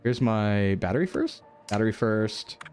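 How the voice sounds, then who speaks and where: A man streaming a repair simulator, chatting casually and thinking aloud with excitable bursts. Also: fairly low pitch, a little slow, soft background music. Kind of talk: casual game commentary.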